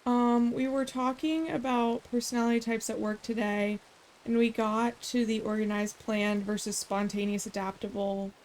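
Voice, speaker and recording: Chatty, higher-voiced woman streamer. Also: level tone, normal speed, darkish tone, slight background noise. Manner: rambling and chatty, with sarcastic asides. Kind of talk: casual gameplay chat.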